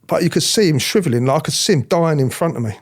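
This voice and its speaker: A middle-aged man telling his story in an interview, animated, acting out other people's voices, often restarting his sentences. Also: a little high, quick pace. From England. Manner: animated, acts out quoted voices, frequent restarts. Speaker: interviewee, former police officer.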